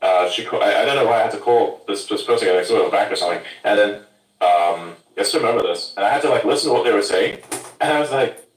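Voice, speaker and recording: A man's voice: fairly low pitch, fast. A man from Germany ranting bluntly and swearing in a casual podcast chat. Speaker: podcast host. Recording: roomy sound from a distance.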